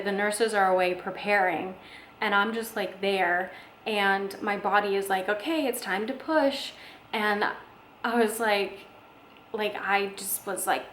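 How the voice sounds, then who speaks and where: A woman's voice: mid-range voice, a bit bright, a little hiss or hum. Chatty young woman in an echoey room. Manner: chatty, many fillers, acts out quoted voices. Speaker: vlogger telling her birth story. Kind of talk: casual storytelling.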